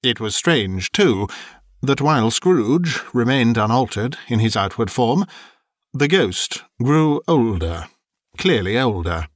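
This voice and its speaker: A man narrating a classic story as an audiobook, in a measured, expressive way. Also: mid-range voice, no room sound, studio quality.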